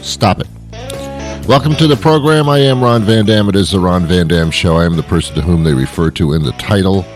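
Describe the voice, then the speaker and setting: A man's voice: deep voice, a little fast, soft background music. A man hosting a radio show, delivering a rambling comedic monologue with dry jokes and chuckles.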